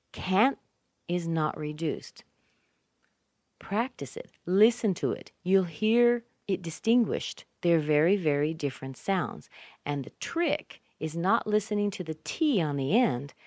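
A woman with a North American accent teaching English pronunciation, repeating example phrases slowly with exaggerated stress. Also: low voice, dry recording, clean studio sound. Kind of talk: scripted pronunciation lesson.

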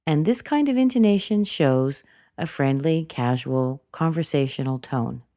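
A woman with a low, mellow voice gives a scripted pronunciation lesson. She speaks clearly and deliberately, and the recording sounds dry and close. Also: lively intonation, dry recording. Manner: clear, deliberate modeling of intonation. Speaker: English pronunciation teacher. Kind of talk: scripted teaching narration.

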